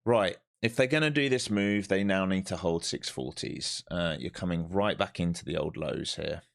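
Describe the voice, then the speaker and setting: A live-streaming day trader with a low-pitched, creaky voice talks to viewers at normal speed while trading. He thinks aloud over the charts, blunt and profane.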